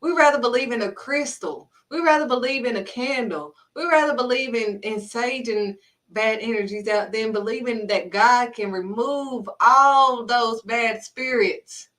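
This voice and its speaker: Unhurried yet blunt, a female faith vlogger gives an emphatic talk to camera, scolding and repeating things for emphasis. Her voice is fairly high with a fairly bright tone, and it sounds somewhat distant from the mic.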